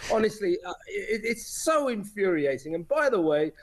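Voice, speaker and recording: An indignant man rants as a talk radio commentator. His voice sits a bit high for a man. It leaps up and down with lively swings. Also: normal speed, few pauses. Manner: indignant, ranting. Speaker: regular guest commentator. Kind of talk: opinionated talk radio rant.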